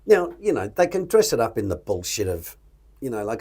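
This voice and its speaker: A man's voice: mid-range voice, very animated, normal speed, darkish tone, breathy edge. A middle-aged man with an Australian accent, co-hosting a podcast in casual, blunt chat that slips in mild swearing. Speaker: podcast host.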